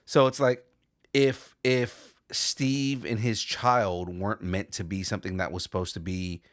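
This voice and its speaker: A man co-hosts a podcast in casual chat, rambling and restarting often. His fairly low voice is flat in delivery, measured in pace and fairly bright in tone. It's a dry, studio-quality recording.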